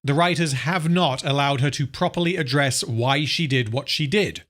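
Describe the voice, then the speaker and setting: A man narrates a scripted film review in a medium-pitched voice. His delivery is dry and sardonic, and his criticism turns scathing and profane. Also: moderate pace, fairly bright tone.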